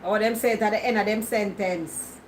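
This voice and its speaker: A woman's voice: mid-range voice, fairly even intonation, a little fast, slight background noise, rough recording. A Jamaican woman vlogging in casual Patois, teasing and answering her viewers' comments. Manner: teasing, talks back to comments.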